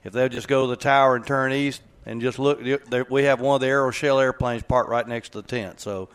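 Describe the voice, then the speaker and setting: A man's voice: medium pitch, steady tone, brisk, clean tone. A man speaking as a guest on a radio interview, easygoing and folksy, rambling a bit as he gives directions. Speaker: aerobatic team pilot, guest.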